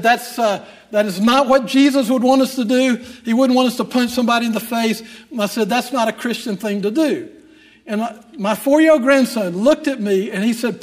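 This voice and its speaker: An older man preaching with a strikingly high voice. He tells a long personal story with dry humor before turning to scripture, his emphasis building as he drives the point home. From Texas. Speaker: pastor.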